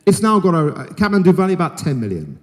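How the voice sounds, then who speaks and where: A middle-aged man delivers a conference keynote with a frank, jokey edge, his voice sitting high and swinging widely as he makes his points. The sound carries a long reverb from a large hall. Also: wildly swooping pitch, quick pace, darkish tone. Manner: frank, jokey and emphatic, talks straight to the audience. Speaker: keynote speaker.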